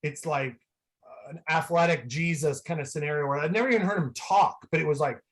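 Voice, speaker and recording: A man from the San Francisco Bay Area, a guest on a video call, telling rambling, excitable stories full of "like" fillers. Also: fairly high pitch, brisk. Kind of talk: casual storytelling.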